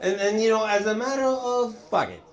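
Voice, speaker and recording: Male stand-up comic, high voice, rambling and chuckly, lots of halting pauses. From Lebanon. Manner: rambling, chuckling through lines, many hesitations. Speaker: stand-up comedian. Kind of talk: stand-up routine.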